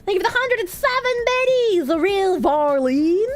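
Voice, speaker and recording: A woman's voice: very high voice, animated, moderate pace. A woman streaming live, chatting casually and reading donations, crude and giggly with bursts of laughter.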